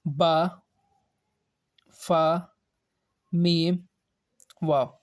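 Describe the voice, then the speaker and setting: A woman teaching Quran reading in a recorded lesson, hesitant, pausing with frequent "uh" and repeating each term. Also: low-pitched, steady tone. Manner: slow, halting, with frequent "uh" and repeated terms. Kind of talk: recorded lesson explaining Arabic letters.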